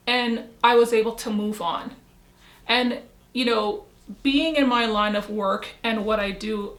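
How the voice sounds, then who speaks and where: A woman's voice: on the high side, a bit bright. A woman YouTuber talking casually to camera, telling a personal story with reflective asides to herself. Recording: roomy echo.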